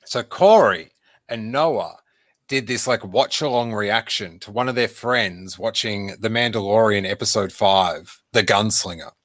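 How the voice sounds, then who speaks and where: A man's voice: fairly low pitch, unhurried, fairly bright tone, no room sound, clean studio sound. A man hosting a livestream podcast in a casual, playful, rambling chat. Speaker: podcast host.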